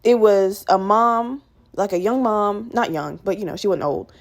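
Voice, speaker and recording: A woman's voice: medium pitch, normal speed. A young woman hosting a podcast, telling a story casually with lots of swearing and acting out other people in raised voices. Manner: animated, profane, acts out quoted people in raised voices. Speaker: podcast host.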